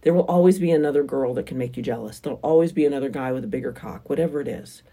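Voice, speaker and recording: A woman's voice: very deep voice, rapid-fire, dark tone. A woman hosting a frank, casual advice monologue, talking bluntly and with emphasis. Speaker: relationship advice host.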